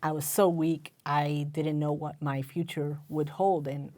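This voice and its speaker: A woman in her forties co-hosting a casual talk show, speaking slowly and affectionately with many fillers. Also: deep voice, flat delivery, darkish tone, no echo. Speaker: co-host.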